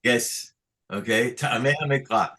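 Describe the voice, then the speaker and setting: A man teaching Torah chanting on a video call, halting with fillers and restarts, chuckling at his own jokes. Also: medium pitch, bright, forceful tone. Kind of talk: online lesson with sung examples.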